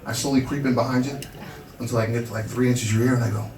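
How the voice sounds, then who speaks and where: Rapid-fire and fairly even in intonation, a medium-pitched comic in his thirties from Long Island, New York, works a small comedy club with brash, self-deprecating stories. It's recorded from a distance in a roomy space with a loud crowd.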